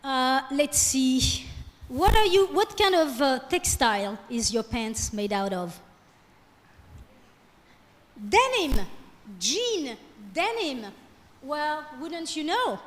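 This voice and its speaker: Female lecturer, high voice, lively, long hall reverb. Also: slow pace. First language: French. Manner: lively, keeps asking "okay?". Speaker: guest lecturer. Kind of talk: classroom lecture.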